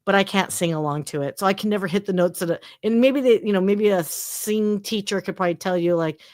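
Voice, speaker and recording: A woman around forty chatting casually on a livestream, animated and full of fillers. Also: mid-range voice, brisk.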